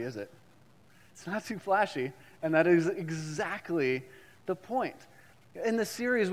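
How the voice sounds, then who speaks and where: Preaching man in a reverberant hall. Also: high-pitched. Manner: preaching with call-and-response and repetition. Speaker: pastor. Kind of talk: sermon.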